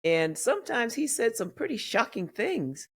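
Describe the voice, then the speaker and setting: A woman's voice: a little high, sing-song, normal speed, breathy edge. Candid older woman telling family stories. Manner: candid storyteller who acts out quoted family members. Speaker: memoir author guest. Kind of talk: podcast interview storytelling.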